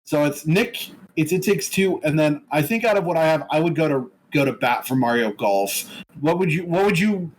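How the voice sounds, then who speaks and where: A man's voice: fairly high pitch, moderate pace, slight background noise, low-quality recording. Blunt, foul-mouthed podcast co-host man. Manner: blunt, swears freely, animated. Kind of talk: casual chat.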